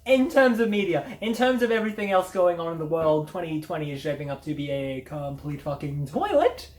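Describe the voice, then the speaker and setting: A woman's voice: low voice, lively intonation, brisk, a little mellow. Sweary woman in a roomy echo. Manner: sweary, sardonic and blunt. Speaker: media review host. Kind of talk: casual spoken review.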